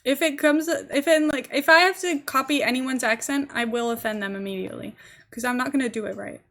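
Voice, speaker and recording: A woman's voice: high-pitched, fairly quick, a bit bright. A young woman with a posh English accent, chatting casually and giggling as she streams a game. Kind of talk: casual live-stream chat while gaming.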